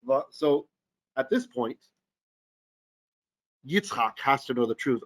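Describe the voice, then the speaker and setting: A man teaching a Torah lesson in an animated, jokey way, often checking in with his listeners. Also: medium pitch, slow, pauses often. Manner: animated, jokey teaching with frequent "right?" asides. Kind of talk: live-streamed Bible lesson. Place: Philippines.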